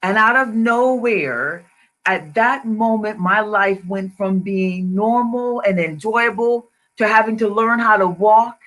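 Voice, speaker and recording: A woman's voice: mid-range voice, slow pace, a bit bright. A woman with a Jamaican accent, a financial advisor, sharing a personal testimony on a video call and repeating her key phrases for emphasis.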